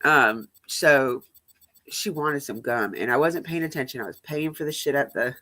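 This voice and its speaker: A woman's voice: a bass voice, normal speed, pushed and bright. A woman hosting a live stream, telling blunt, profane stories in casual chat.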